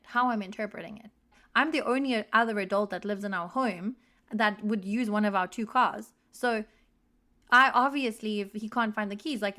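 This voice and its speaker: A woman's voice: mid-range voice, a bit bright. A woman in her thirties, a relationship therapist, hosting a podcast in a frank, conversational monologue with wry humor.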